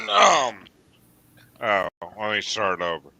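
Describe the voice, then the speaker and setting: A man's voice: mid-range voice, huge pitch swings, very slow, creaky, sharp tone, slight background noise. A man from New England hosting a casual livestream chat, rambling with lots of fillers and swearing freely. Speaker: livestream host.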